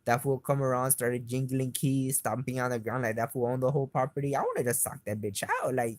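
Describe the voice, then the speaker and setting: A man's voice: medium pitch, very animated, fairly quick, hardly any pauses, no echo. A man giving a rambling, profane, agitated first-person account in an interview.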